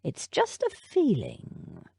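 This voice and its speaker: A woman voicing a proper male butler, composed and formal, speaking in a measured, unruffled way in an audiobook. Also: fairly high pitch, wildly swooping pitch, gravelly, dark tone, slightly rough, no echo, studio quality, pitched above the performer's own voice, heavily acted. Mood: thoughtful.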